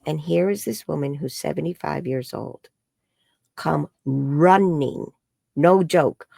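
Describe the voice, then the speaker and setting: Gravelly-voiced woman telling a story. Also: slow, dry recording, clean studio sound. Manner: acts out quoted dialogue with high bright voices. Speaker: energy healer and psychic guest. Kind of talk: animated storytelling interview.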